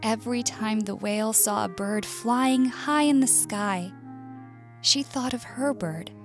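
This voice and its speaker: Slow, clear American woman storyteller. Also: fairly high pitch, over music. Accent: US English. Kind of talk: scripted narration for language learners.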